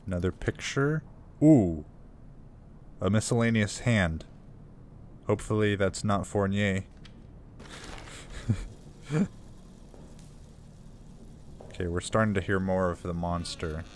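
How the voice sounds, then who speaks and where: A man's voice: deep voice, unhurried, long pauses, a little mellow, a little hiss or hum. A man playing a survival horror game and commenting casually, chatty and jumpy, laughing nervously at the scares. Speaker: gaming YouTuber. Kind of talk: let's play commentary.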